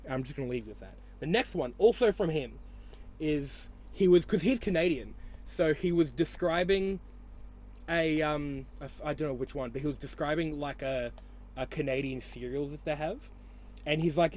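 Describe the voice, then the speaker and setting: A man's voice: a little high, moderate pace, darkish tone, slight background noise. A young Australian man hosting a podcast, chatting casually with friends in a rambling, teasing way full of swearing. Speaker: podcast host. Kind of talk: casual chat.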